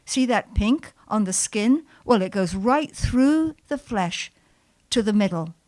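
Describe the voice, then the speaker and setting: A woman voicing a terse older male farmer with a slow Kentish drawl. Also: medium pitch, animated, a little mellow. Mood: matter-of-fact.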